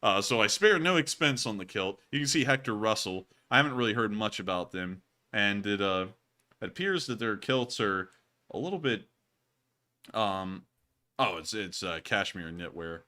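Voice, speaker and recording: A man's voice: fairly low pitch, lively intonation, normal speed, bright, forceful tone. A man hosting a livestream in casual chat, rambling with lots of filler sounds. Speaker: livestream host.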